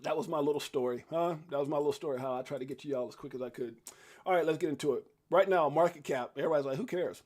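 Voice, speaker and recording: A man hosting a casual crypto live stream, rambling and chatty, laughing often and breaking into sudden loud excited bursts. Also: on the high side, racing. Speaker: crypto livestream host. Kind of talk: casual live-stream chat and market rundown.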